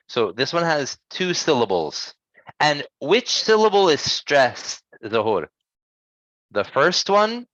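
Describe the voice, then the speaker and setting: A man teaching English pronunciation in an online lesson, patient and encouraging, gently correcting his students. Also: medium pitch, sing-song, slow, no room sound, highs cut off.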